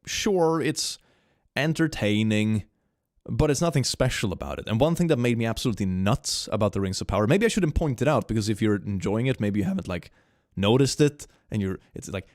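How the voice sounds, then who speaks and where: A man's voice: mid-range voice, expressive, normal speed, a little mellow, dry recording, clean studio sound. A young man streaming live, chatting casually and reading viewer messages aloud, laughing often, with a slight cold. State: slight cold, stuffy nose.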